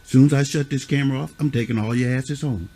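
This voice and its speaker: A middle-aged man serving as a youth mentor lectures children sternly, speaking at a medium pitch, quickly, with a mellow tone. Blunt and scolding, he curses and presses them with repeated questions, often saying "huh?" and "you see what I'm saying."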